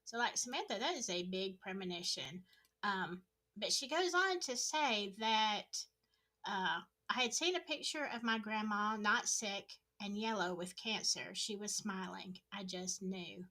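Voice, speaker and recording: A woman hosting a livestream interview, chatty and quick to laugh, who also works in healthcare. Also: mid-range voice, lively intonation, bright, forceful tone. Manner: chatty, laughs easily, reads viewer questions. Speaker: livestream host; healthcare worker. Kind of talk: casual interview chat.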